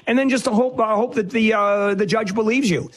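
A man hosting a call-in advice show, blunt and quick with wisecracks. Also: high-pitched, steady tone, breathy edge. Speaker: radio call-in host.

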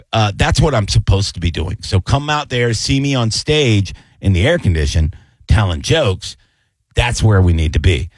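A man's voice: on the low side, no echo. A middle-aged man hosting a call-in radio show and doing stand-up-style banter, joking and whining on purpose. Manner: animated, joking, whines on purpose. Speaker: radio show host and comedian.

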